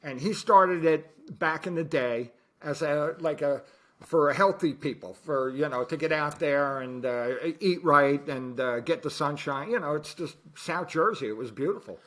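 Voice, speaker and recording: A man with a slightly high voice chats casually on a podcast. He explains things with asides and loose, easygoing phrasing. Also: moderate pace, a bit bright. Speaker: podcast co-host, parody band musician. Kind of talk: casual chat. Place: home studio.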